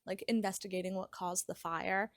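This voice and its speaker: A woman's voice: fairly low pitch, normal speed, no room sound, clean studio sound. A young woman vlogger casually recapping a novel's plot, chatty and full of "like" as she retells scenes. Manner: chatty, heavy use of "like", lively retelling. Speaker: book vlogger.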